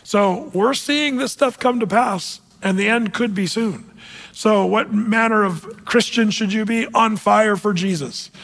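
A pastor delivers a sermon that includes a prophecy update, speaking conversationally with fillers before closing in prayer. His voice is high-pitched, creaky and a little bright, and he takes his time.

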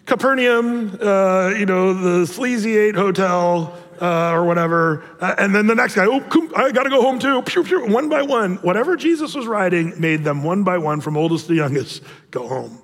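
A man's voice: high voice, moderate pace, hardly any pauses. A man preaching a sermon, telling Bible stories with humor and acting out the people in them. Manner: animated storytelling, acts out voices. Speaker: pastor. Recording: reverberant hall.

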